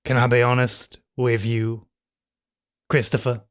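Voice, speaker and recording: A man's voice: mid-range voice, flat delivery, unhurried, no echo, studio quality, lightly acted. A man voicing a worried, evasive small-town male sheriff with a folksy drawl and homespun slang. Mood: confiding.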